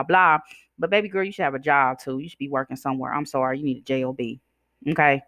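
A woman's voice: sits low, a bit bright, dry recording, studio quality. Sassy, blunt woman ranting on a podcast. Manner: blunt, sassy, profane, addresses listeners as "y'all" and "child". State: chewing gum, slightly slurred. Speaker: podcast host. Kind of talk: casual ranting monologue.

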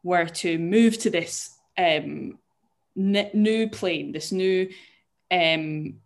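Young woman co-host, bit low voice, jokey and sweary, keeps restarting words. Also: very slow, vocal fry. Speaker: podcast co-host. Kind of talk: casual chat, explaining a story.

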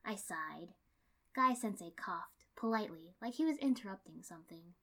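Narrator: woman, calm first-person story reading, steady pace. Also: medium pitch, normal speed. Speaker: reader.

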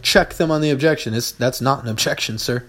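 A man's voice: medium pitch, fairly quick, fairly bright tone. A man hosting a podcast, talking through business lessons in a blunt, profane, casual way and repeating points for emphasis. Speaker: podcast host, business owner.

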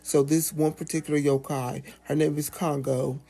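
A man talking casually as a guest on a podcast, animated and sassy, swearing freely and stretching out words like "baby.". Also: a little high, moderate pace, slightly rough. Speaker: puppeteer guest.

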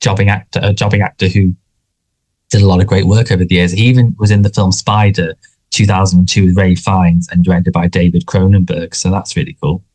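A man's voice: sits low, flat delivery, fairly quick, darkish tone. A man co-hosting a casual podcast, talking with lots of fillers, restarts and hesitations. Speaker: podcast co-host.

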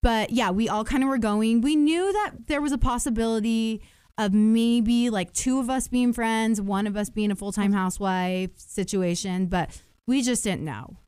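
A woman's voice: fairly high pitch, moderate pace, a little mellow, smooth, dry recording, studio quality. A woman telling stories in a casual chat, with lots of fillers and restarts. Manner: chatty storytelling, many fillers and restarts. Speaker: podcast guest.

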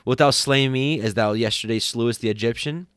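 A man's voice: medium pitch, a little fast, fairly bright tone, clear, resonant tone, no room sound, clean studio sound, lightly acted. A man voicing a defiant, quarrelling laborer who speaks in a challenging, scornful way.

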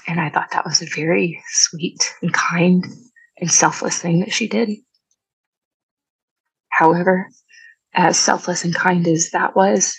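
A young woman as a podcast guest, telling a personal story in a quiet, halting and reflective way. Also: lowish voice, vocal fry, breathy edge, no room sound, low-quality recording. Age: young adult.

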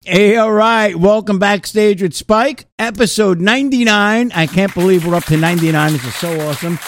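A man's voice: high voice, moderate pace, a bit bright, a little hiss or hum. A man hosting a casual podcast chat, laughing often and swearing freely. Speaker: podcast host.

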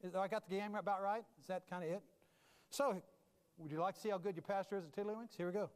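A man preaching a humorous sermon as a pastor, animated and self-mocking, moving from loud bursts to low asides. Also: quick pace, long reverb tail.

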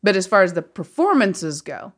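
A woman's voice: medium pitch, very animated, moderate pace. A woman co-hosting a podcast in casual chat, with dry, teasing, sarcastic asides. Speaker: podcast co-host reviewing films.

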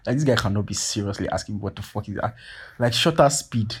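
Husky-voiced man telling a story. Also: on the low side, racing. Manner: profane, animated, heavy filler "like" and "you get what I'm saying". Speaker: podcast host. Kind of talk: casual storytelling.

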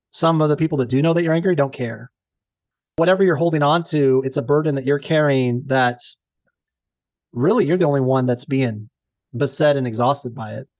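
A man from Texas talking casually on a podcast, in a fairly high voice for a man. He tells stories with energy and swears freely. The sound is dry and close. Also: dry recording. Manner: animated storyteller, swears freely, mimics others. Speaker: podcast co-host. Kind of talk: casual chat.

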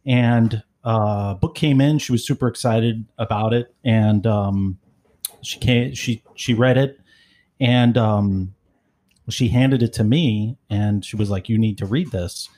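A man's voice: on the low side, slow, mellow. A middle-aged man hosting a podcast, talking casually and rambling with lots of fillers and self-deprecating remarks. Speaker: podcast host. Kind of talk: casual chat.

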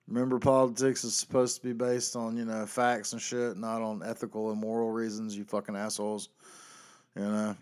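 Low-voiced profane man ranting. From North Carolina. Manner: profane, ranting, swings between yelling and muttering. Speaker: podcast host. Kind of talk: casual ranting monologue.

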